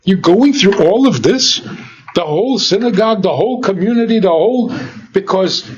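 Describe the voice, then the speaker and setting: A man's voice: high voice, lively intonation, moderate pace, breathy edge, muffled recording. A man who is a rabbi, giving an informal teaching talk full of rhetorical questions, often chuckling. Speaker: rabbi and lecturer.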